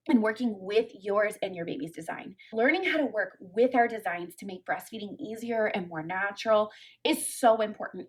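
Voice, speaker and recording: A woman lactation consultant, giving emphatic, fired-up commentary in a folksy way. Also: mid-range voice. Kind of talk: opinionated commentary to camera.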